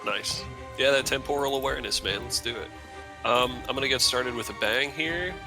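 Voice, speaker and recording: A man's voice: medium pitch, normal speed. Man player joking over music. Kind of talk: tabletop game play.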